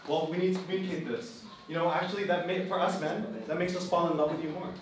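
A man's voice: high voice, flat delivery, quick pace. Male pastor, emphatic and repetitive, miked from far off with room noise. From Philippines (Kapampangan). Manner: emphatic, repeats key phrases. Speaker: pastor and host. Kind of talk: sermon to a live group. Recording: echoey room, distant mic, background noise.

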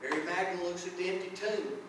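A man preaching a sermon as pastor, earnest and unhurried, breaking into short prayers and reading scripture aloud. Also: high voice, fairly even intonation, noisy background. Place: church sanctuary. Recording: echoey church from far off.

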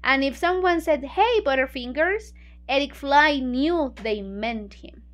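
High-voiced, slow-talking woman teacher. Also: lively intonation. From Mexico. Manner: conversational, many fillers, explains words in Spanish. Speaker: book club teacher. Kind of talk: retelling a story for English learners.

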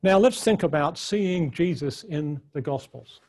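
A man's voice: fairly high pitch, lively intonation, unhurried, a little mellow. A man teaching a conference session on the Bible, earnest and unscripted, often restarting his sentences as he thinks aloud. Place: conference room.

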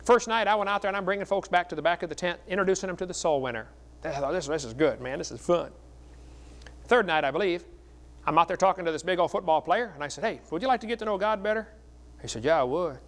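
A middle-aged man preaches at a seminar, his voice slightly high for a man. He tells stories in a folksy, joking way and keeps the delivery lively. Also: fast. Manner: folksy, joking, animated storytelling. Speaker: evangelist speaker.

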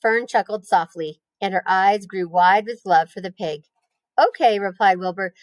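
Teacher lady reading a kids' book out loud, expressive, mid pitch, dry sound. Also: moderate pace, dry recording. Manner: clear, expressive storytelling. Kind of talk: reading a children's book aloud.

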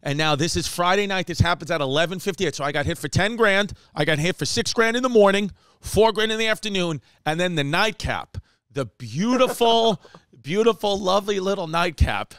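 A podcast host rants through a lengthy comedic tale, profane and animated, dropping into mock voices and bits of Spanish. The close-miked recording is dry with no echo, and his somewhat high voice comes across smooth and clear.

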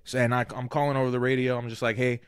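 A man's voice: mid-range voice, flat delivery, racing, smooth, dry recording, studio quality. A man co-hosting a podcast, telling stories in casual chat with lots of swearing and quoted dialogue. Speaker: podcast co-host; former casino security worker.

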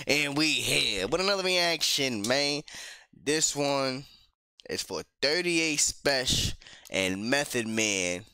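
Animated, bright-voiced man reacting to music. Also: slow, clean tone, dry recording, clean studio sound. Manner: animated, slangy, laughs often; sometimes lowers his voice to a whisper. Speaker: reaction video host. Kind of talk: casual music reaction commentary.

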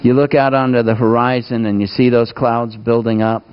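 A man of middle pitch preaches a folksy, conversational sermon in a church, drawing the congregation in with questions. The recording sounds dull and lo-fi. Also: level tone, normal speed, smooth.

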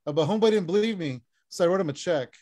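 A man performing a stand-up set over a video call, deadpan one-liners with frequent "uh" fillers. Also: sits high, very fast. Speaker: stand-up comic.

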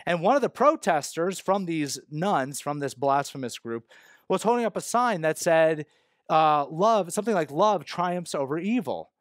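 A man's voice: fairly high pitch, animated, moderate pace, no echo, studio quality. A male pastor preaching a sermon, explaining the text in a conversational way with emphatic stresses. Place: church.

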